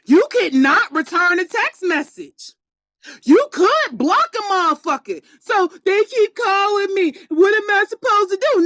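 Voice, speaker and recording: A woman giving a blunt, profane motivational rant on a live stream, preaching and often shouting for emphasis. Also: very high voice, lively intonation, unhurried, dry recording.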